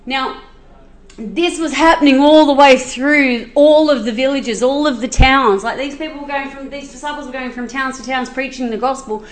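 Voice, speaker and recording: A woman telling a Bible story in a chatty, animated way, with asides and restarts. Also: high voice, normal speed, reverberant. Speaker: Bible teacher.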